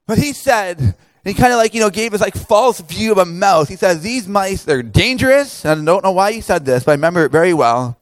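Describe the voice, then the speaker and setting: A man speaking at a camp, telling a funny story in a lively way with many fillers and laughs before turning it into a sermon. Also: high-pitched, moderate pace, pauses often, no echo. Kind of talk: humorous sermon to campers.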